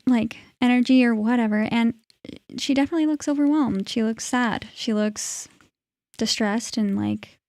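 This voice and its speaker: A woman's voice: on the high side, moderate pace, darkish tone, no echo, clean studio sound. A woman co-hosting a live stream, talking informally about a trial, with lots of "like". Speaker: co-host. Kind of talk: casual live-stream chat.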